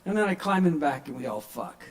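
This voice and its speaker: A man's voice: on the high side, lively intonation, fairly quick, low-quality recording. A man under forty-five doing a stand-up set at an open mic in a small bar, telling stories in a loose conversational way and acting out the people in them. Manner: conversational storytelling, acts out quoted voices.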